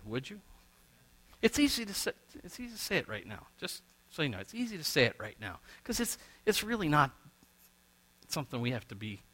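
A middle-aged male pastor preaching a sermon, swinging between loud and quiet as he acts out little exchanges. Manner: preaching with wide swings in pitch and loudness, acting out quoted exchanges.

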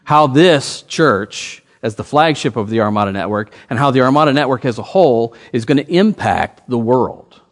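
A man preaching a sermon as pastor, telling a story with lively swings in his voice. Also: mid-range voice, normal speed, hardly any pauses.

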